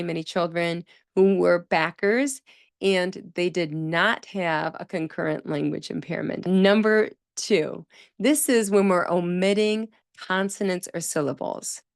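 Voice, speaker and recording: A speech-language pathologist hosts a solo educational podcast, explaining things in a conversational, emphatic way. Her voice is on the low side, unhurried, clear and resonant, recorded with clean studio sound and no echo.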